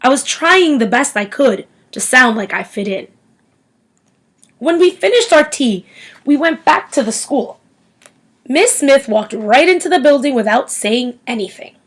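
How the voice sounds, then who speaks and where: A woman reading a novel aloud in an expressive storytelling manner. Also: high-pitched, unhurried, rough recording. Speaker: audiobook reader.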